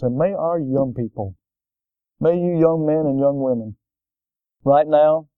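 A pastor preaching a sermon and praying, with a preaching delivery that swells louder on key points and slows down for emphasis. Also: male voice, mid-range voice, dry recording. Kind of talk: sermon with closing prayer. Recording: dull, lo-fi dry recording.

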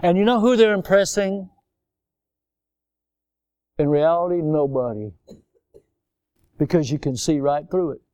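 A male pastor preaching a sermon, swinging between loud emphatic outbursts and low, quiet asides. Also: measured pace, long pauses, smooth, no echo. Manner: animated, swings from loud high exclamations to low quiet remarks.

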